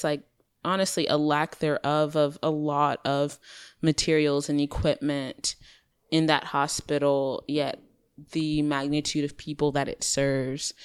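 A woman co-hosting a podcast in casual chat, joking and giggly with quick comebacks. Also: sits low, clear, resonant tone, no echo, studio quality. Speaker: podcast co-host.

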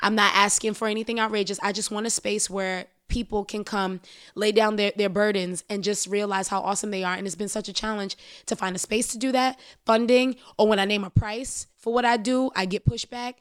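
A woman speaking as a podcast guest in an animated, emphatic way, full of casual slang. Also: medium pitch, fairly quick, clear, resonant tone, no echo, studio quality.

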